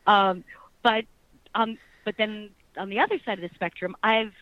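A middle-aged woman chats as an interview guest, animated and laughing, her thoughts tumbling out in restarts. The sound is dull and lo-fi, like a radio broadcast, and the room is dry and close. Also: mid-range voice, moderate pace, no echo. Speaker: actress, guest. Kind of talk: casual interview chat.

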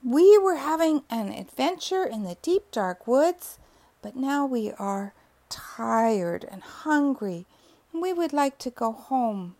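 A woman's voice: medium pitch, wildly swooping pitch, slow, full character voice. A woman voicing a tired, earnest little male lion cub in a bedtime story.

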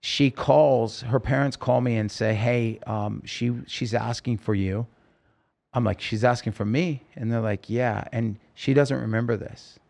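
A man's voice: medium pitch, fairly even intonation, unhurried, vocal fry, darkish tone. A man telling his story as a podcast guest, rambling and emotional, with many fillers. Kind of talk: casual storytelling interview.

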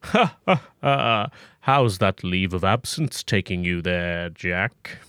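A man voicing a burly, hearty boss with a booming laugh, speaking slowly. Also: animated, sharp tone, clean tone, dry recording, studio quality, full character voice. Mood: jovial.

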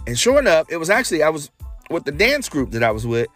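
Animated male podcast storyteller. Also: fast talker, soft background music. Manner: animated, acts out quoted dialogue with big pitch jumps. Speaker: podcast host. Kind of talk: casual storytelling.

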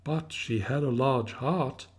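A man voicing a gentle, solemn spirit that speaks softly and slowly. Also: mid-range voice, breathy edge. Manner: soft, slow and solemn.

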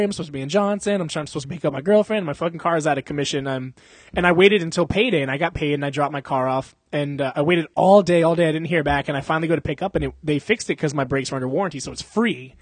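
A man's voice: a little high, no room sound. A young man casually telling a long story on a podcast, rambling and swearing, with lots of fillers and mouth sound effects.

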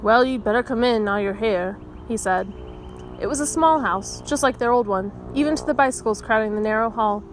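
A woman reading a children's novel aloud, expressive, giving the dialogue its own voices. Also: fairly high pitch, a little fast, faint music behind. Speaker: audiobook reader.

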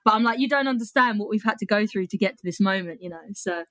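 A young woman with a British accent, a comedian who talks in a loose, chatty way and laughs between lines. Her voice sits at a middle pitch. The sound is dry and close, with no room behind it. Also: fast, pushed and bright, no room sound. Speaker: comedian and poet. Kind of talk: casual storytelling, then poetry reading.

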